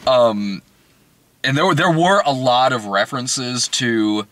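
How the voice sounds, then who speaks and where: A man talks through a film review in a loose, chatty way, his pitch bouncing up and down as he gets worked up and breaks into laughs. His voice is bright and forward, caught close and dry with no room sound. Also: slow pace, dry recording. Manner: animated, laughs often. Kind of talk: casual review chat.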